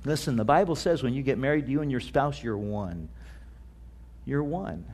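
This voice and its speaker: High-voiced man preaching a sermon. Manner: storytelling with many restarts and fillers; slows down to stress key phrases. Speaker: pastor.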